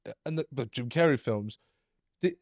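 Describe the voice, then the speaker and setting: A man's voice: medium pitch, normal speed, no room sound, studio quality. A male podcast host who laughs often and asks probing questions in a casual interview.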